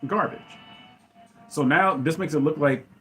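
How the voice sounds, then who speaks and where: A man hosting his own channel, delivering heated fan commentary. His voice sits mid-range and he keeps breaking into loud exclamations. Faint music plays under him. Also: medium pitch, expressive, moderate pace. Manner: ranting, exclaims loudly. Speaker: channel host.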